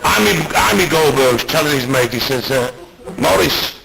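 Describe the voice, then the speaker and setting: A man tells stand-up jokes in a dry, deadpan way, his voice gravelly and rough. His pitch sits in an ordinary middle range. A loud wash of noise runs under the whole recording. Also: a little fast. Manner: deadpan joke delivery, many he-said tags. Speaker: stand-up comedian. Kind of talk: stand-up joke telling.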